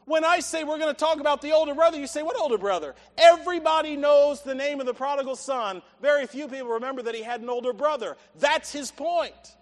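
High-voiced preacher in an echoing hall. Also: male voice, fairly even intonation, fast, few pauses. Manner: emphatic, with rhetorical questions to the congregation. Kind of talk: sermon. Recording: reverberant church hall.

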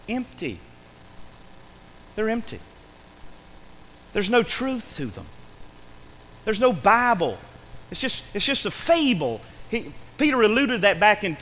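A man preaching a sermon in a church, emphatic and repetitive, dropping to a hush and then rising again. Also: high voice, in a large hall, slight background noise, low-quality recording. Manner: emphatic, repetitive, swings between loud and hushed.

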